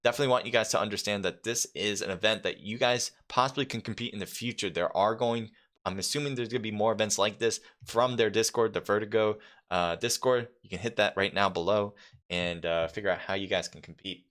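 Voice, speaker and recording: A man's voice: on the low side, a bit bright. A man from New York casting a mobile esports event live, reading out team kill counts and talking casually with chat. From New York, United States. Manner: reads scores off quickly, chatty with viewers, many fillers. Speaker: esports caster. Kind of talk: solo live esports commentary.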